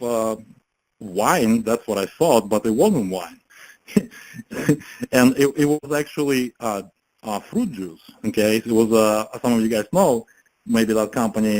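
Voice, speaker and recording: A man's voice: mid-range voice, a little mellow, rough recording. A man giving a casual motivational talk about network marketing, chatting and often asking his listeners questions.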